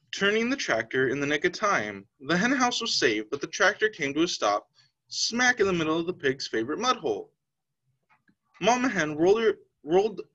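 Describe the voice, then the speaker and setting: A man's voice: on the high side, sharp tone. A man teacher reading a children's picture book aloud, telling the story expressively. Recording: slightly dull lo-fi sound.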